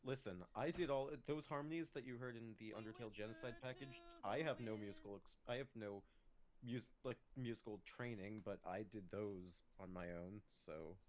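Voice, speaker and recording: A man's voice: lowish voice, moderate pace, slight background noise. A man in casual chat, rambling and correcting himself with frequent ums.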